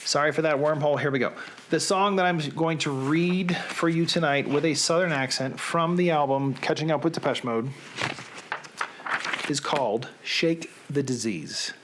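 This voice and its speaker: A man's voice: on the high side, normal speed, background noise. A man who hosts a radio show, talking in a casual, rambling monologue full of digressions.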